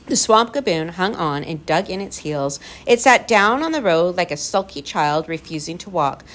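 A woman narrating a children's adventure story with an expressive reading. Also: fairly low pitch, normal speed, hardly any pauses.

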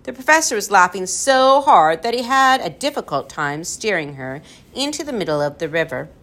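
A woman reading a children's storybook aloud in a lively, expressive way. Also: medium pitch, normal speed. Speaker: narrator.

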